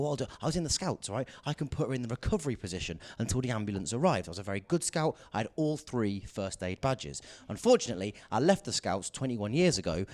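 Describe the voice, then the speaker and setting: A young man doing stand-up storytelling. His pitch swings widely, from low muttered asides up to excited, raised outbursts. The delivery is dry and deadpan one moment and mock-indignant the next. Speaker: stand-up comedian.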